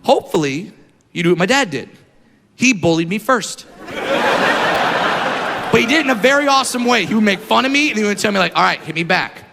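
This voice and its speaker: A man's voice: high-pitched, expressive, fairly quick, gravelly, long pauses, slight background noise. A man doing a crude, punchy stand-up comedy set before a live audience. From California. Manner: brash, crude, punchy delivery with mocking voices for others. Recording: live show in a hall, loud audience.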